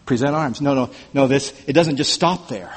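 A man's voice: medium pitch, normal speed, husky, big-room sound. A man preaching an expository sermon, earnest and emphatic, often repeating words as he restarts a thought.

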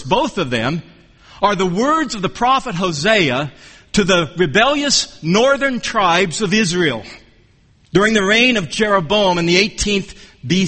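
A man preaching an expository sermon, earnest and measured, often repeating and restarting phrases for emphasis. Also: high voice, sharp tone, in a large hall.

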